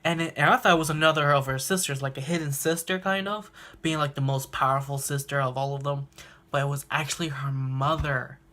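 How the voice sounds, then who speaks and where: This reaction video host is a young man whose fairly high, slightly bright voice sounds pushed, with fairly even intonation and a somewhat fast pace. He laughs often through a casual episode recap and acts out quotes, all captured on a handheld phone.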